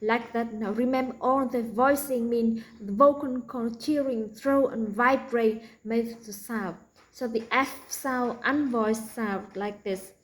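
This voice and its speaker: A woman with a Vietnamese accent teaching a pronunciation lesson, slowly repeating practice words for learners. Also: on the high side, steady tone, rough recording.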